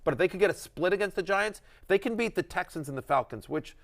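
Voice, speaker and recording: A middle-aged man chatting casually about football in a fairly high voice. He gets excited and rambles, often restarting his sentences as he talks it through. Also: fast talker. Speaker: fantasy football show host. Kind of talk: casual sports chat.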